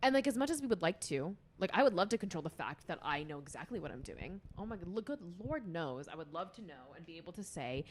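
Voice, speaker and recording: A woman's voice: on the low side, sing-song, fast talker, few pauses, a little hiss or hum. A young woman chatting casually as a podcast guest, rambling with lots of fillers and restarts. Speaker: podcast guest, music student. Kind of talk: casual chat.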